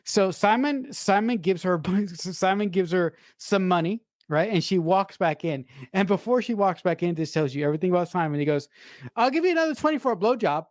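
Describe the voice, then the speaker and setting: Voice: mid-range voice, normal speed, few pauses, a little mellow, no echo. Podcast host retelling a movie, stumbles and restarts a lot, mid voice, dry sound. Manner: rambling recap with many restarts. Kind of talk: casual film recap chat.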